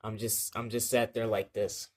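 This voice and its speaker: A man's voice: on the low side, flat delivery, normal speed. A young man telling a childhood story in a casual vlog, rambling and slangy, with lots of fillers and swearing.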